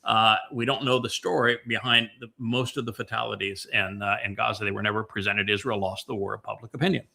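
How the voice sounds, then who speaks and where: A man hosting a podcast, talking through casual commentary in a meandering way, with many fillers and restarts and a slower pace on the points he stresses. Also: on the low side, fairly even intonation, gravelly, sharp tone. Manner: emphatic, slows down on key points. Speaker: podcast host.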